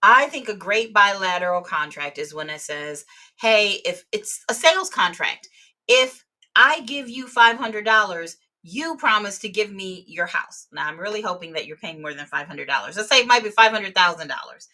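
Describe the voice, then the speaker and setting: Bright-voiced woman teaching a webinar. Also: mid-range voice, expressive, normal speed. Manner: explanatory, uses everyday examples. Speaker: real estate exam instructor.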